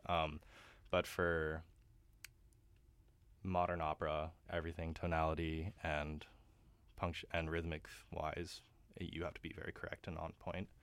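Young male guest, very low pitch, forceful bright tone, dry close sound; chatty, quick to laugh. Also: flat delivery, clean tone, dry recording. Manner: chatty, laughs often, many fillers. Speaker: guest opera singer. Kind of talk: casual radio interview.

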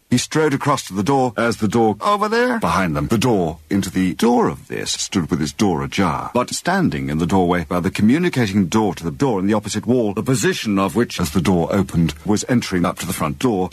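A man narrating an improvised nonsense mystery story in a rambling, deadpan, tongue-twisting way. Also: fairly low pitch, slightly rough, dry recording.

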